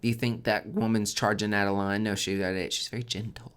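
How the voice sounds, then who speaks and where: A man hosting a casual tarot forecast, chatty and expressive, swearing freely and swinging between loud emphasis and soft near-whispers. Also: lowish voice, a little fast, clean tone. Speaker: tarot reader and podcast host.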